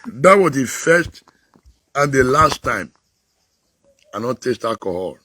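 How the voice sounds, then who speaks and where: A man with a Nigerian accent giving an emphatic moral talk in an animated way. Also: mid-range voice, takes it slowly, no room sound.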